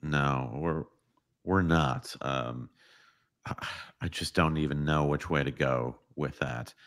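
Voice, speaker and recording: A man's voice: very deep voice, steady tone, slow pace, a bit bright. A man co-hosting a casual podcast chat in a laid-back way, giving short agreeing replies. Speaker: podcast co-host.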